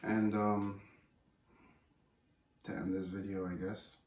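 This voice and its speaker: Low-voiced man, distant and echoey. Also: little pitch movement, darkish tone. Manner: deliberate, hesitant with "um". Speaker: vlogger, husband. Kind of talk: casual Q&A chat.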